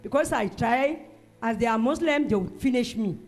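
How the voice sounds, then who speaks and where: High-voiced woman testifying. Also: normal speed. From Cameroon. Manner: animated, bursts into loud shouted praise. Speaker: church member giving a testimony. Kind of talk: emotional church testimony. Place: church service.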